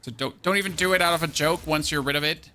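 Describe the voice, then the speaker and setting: Bright-voiced streamer. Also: male voice, a little high, quick pace. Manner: chatty, thinks aloud, thanks viewers. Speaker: gaming streamer. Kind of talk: live-stream gameplay commentary.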